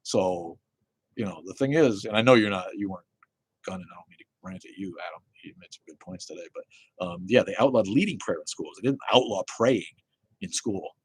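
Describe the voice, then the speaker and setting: Man, low husky voice, dry sound, swearing livestream rant. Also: lively intonation, fairly quick, no echo. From Connecticut, USA. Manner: profane, heated ranting. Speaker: livestream host. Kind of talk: live-stream rant and chat with viewers. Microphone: phone.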